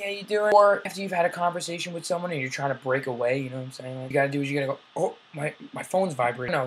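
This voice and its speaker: A man's voice: on the high side, poor audio. A young man hosting a casual comedic vlog, rambling and self-deprecating as he jokes through tips and acts out little quotes. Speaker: vlogger.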